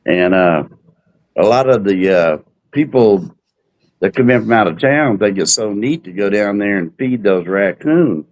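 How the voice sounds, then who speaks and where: A man, co-hosting a live cruise talk show, telling folksy stories in a relaxed, unhurried way. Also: on the low side, dull audio. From Texas. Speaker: podcast co-host. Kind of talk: casual chat, storytelling.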